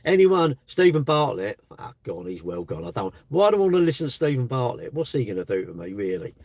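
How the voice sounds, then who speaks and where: A man's voice: medium pitch, big pitch swings, fairly quick, darkish tone, dry recording. A man hosting a live stream, chatting bluntly and casually with his viewers. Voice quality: blunt, chatty, slangy delivery.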